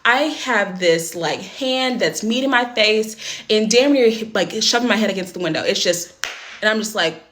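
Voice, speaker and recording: A woman's voice: mid-range voice, moderate pace, fairly bright tone. A young adult woman telling a personal story to camera in a casual storytime vlog, candid and blunt, swearing often and filling with "like". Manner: candid, heavy swearing, many "like" fillers.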